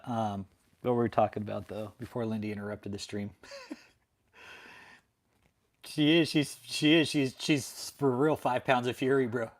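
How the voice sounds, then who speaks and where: Laid-back man chatting on a livestream. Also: on the low side. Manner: laid-back, profane, laughing a lot. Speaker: livestream host. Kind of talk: casual chat.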